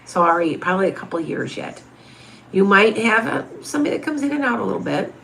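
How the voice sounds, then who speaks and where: A woman's voice: medium pitch, big pitch swings, brisk, creaky, fairly bright tone, slight background noise. Rambling chatty woman in her fifties. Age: 50s. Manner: rambling, chatty, with frequent restarts and asides. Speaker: tarot reader and medium hosting a livestream. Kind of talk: casual livestream chat answering viewer questions.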